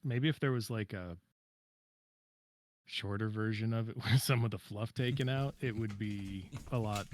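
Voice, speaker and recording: A man chats easily on a podcast, joking and relaxed. His voice sits on the low side, with a faint hiss behind it. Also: normal speed. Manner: relaxed, joking, casual swearing. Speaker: podcast co-host. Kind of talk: casual chat.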